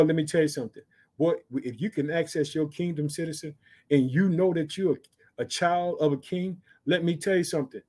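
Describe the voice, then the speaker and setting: A man preaching a sermon, reading scripture slowly and emphatically between quick, fired-up commentary that urges listeners on. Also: fairly high pitch, breathy edge. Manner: exhorting, repeats catchphrases.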